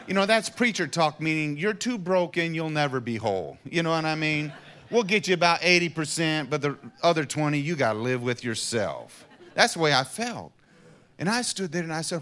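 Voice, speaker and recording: A middle-aged man earnestly telling a personal faith testimony in an interview, dropping to a hush and then rising to emphatic passages. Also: on the high side, big pitch swings, normal speed. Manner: earnest storyteller, swings from hushed to emphatic. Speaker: guest sharing a personal testimony.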